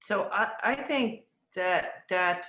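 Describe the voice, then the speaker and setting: A middle-aged woman in an interview, reflecting on teaching children in a thoughtful way, often restarting her sentences and acting out gentle phrases she would say to a child. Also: medium pitch, takes it slowly, a little hiss or hum. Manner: acts out gentle words to children. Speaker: early childhood education director. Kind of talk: interview answers. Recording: roomy echo.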